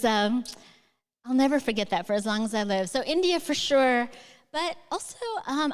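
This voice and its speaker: A woman's voice: on the high side, smooth. Chatty woman in a reverberant hall. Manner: rambling, enthusiastic storyteller with many fillers. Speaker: guest author. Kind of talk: onstage conversation with audience. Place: large hall before a live audience.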